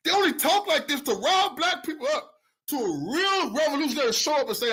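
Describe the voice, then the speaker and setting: A man's voice: very high-pitched, sing-song, a little fast, pushed and bright. A man giving a heated, profane commentary rant as an online news commentator. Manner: angry, profane, preachy.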